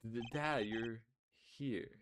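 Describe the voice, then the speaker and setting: A man's voice: medium pitch, takes it slowly, natural voice. A man voicing a flustered, whiny young male prosecutor in a fan dub of a game. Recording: game music playing behind.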